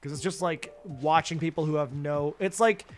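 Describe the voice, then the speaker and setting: Soft music plays behind a young man's slightly high voice as he streams a game from home at normal speed. Into his desk mic he rants hotly, swearing a lot and slipping in sarcastic remarks.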